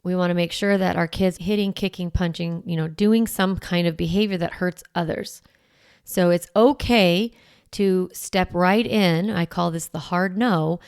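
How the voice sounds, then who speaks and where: Woman parenting coach for a podcast, direct and practical, gravelly edge, dry close sound. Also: fairly low pitch, fairly even intonation, unhurried, no echo. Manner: warm, direct coaching, acting out parent lines in a firm strong voice. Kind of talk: podcast advice talk.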